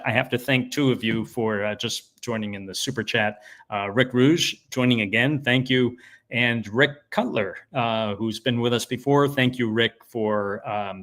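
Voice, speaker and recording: A man hosting a live stream, introducing clips and thanking viewers in a halting way full of ums and uhs. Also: medium pitch, fairly bright tone. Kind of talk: casual live stream chat.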